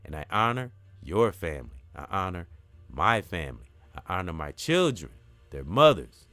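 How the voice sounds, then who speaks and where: A man's voice: low voice, sing-song, normal speed, fairly bright tone, no echo, soft background music. A middle-aged man hosting a casual spiritual talk, speaking earnestly with a repetitive, preacher-like cadence. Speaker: host of a spiritual talk channel.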